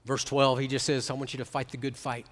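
A middle-aged man preaching a sermon as pastor, swinging from hushed, quiet stretches to emphatic ones. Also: medium pitch, level tone, quick pace, big-room sound.

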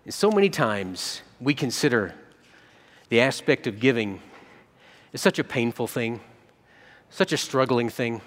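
A man preaching a sermon as a pastor, telling stories and jumping between soft low asides and excited quoted voices. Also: measured pace, long pauses, in a large hall.

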